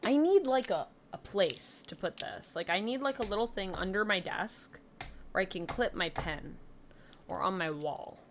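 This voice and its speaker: A woman's voice: mid-range voice, lively intonation, normal speed, background noise. A young woman from Canada with a slight Southern twang, chatting casually and rambling on a live stream from her home desk mic. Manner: chatty, rambling, self-deprecating.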